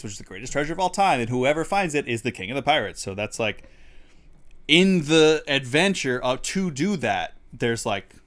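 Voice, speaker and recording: A man co-hosting a livestreamed talk show, chatting casually with lots of fillers and frequent laughter. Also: mid-range voice. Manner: rambling, laughs often, many fillers. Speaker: podcast co-host. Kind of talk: casual chat. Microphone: studio mic on a livestream.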